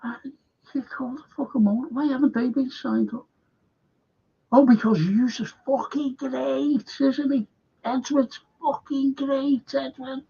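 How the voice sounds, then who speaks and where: A slow, drawn-out man with a gravelly, husky voice rants in a heated talk-show monologue, swearing at every turn and circling back over his points. The sound is dull and lo-fi. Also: very high-pitched, steady tone, mellow. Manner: heated, swears constantly, repeats himself. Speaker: host of a fan football show.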